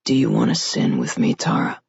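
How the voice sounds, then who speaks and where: A woman voicing a gruff adult male lover who speaks in a low, heated, urgent way in an audiobook. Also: very animated, a little fast, a little mellow, no room sound, muffled recording, heavily acted.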